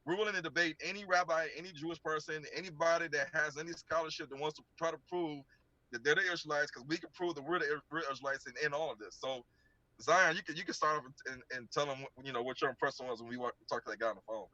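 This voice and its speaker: A man's voice: on the high side, quick pace, bright, forceful tone, no echo, muffled recording. A man speaking casually to his audience, rambling and often repeating his words. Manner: rambling, repeats himself while talking. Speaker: ministry speaker addressing debate challengers. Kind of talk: casual monologue.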